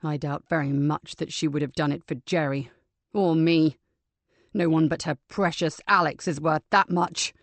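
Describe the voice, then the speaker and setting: A woman voicing a hurt grown son whose voice rises loud and cracks with outrage. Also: lowish voice, moderate pace, no room sound. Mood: cold.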